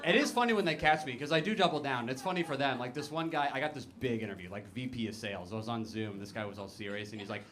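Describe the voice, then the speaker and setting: A young man doing a stand-up comedy set, telling stories deadpan with sudden high-pitched quoted panic. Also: fast, few pauses, a little hiss or hum. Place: comedy club stage with laughing audience.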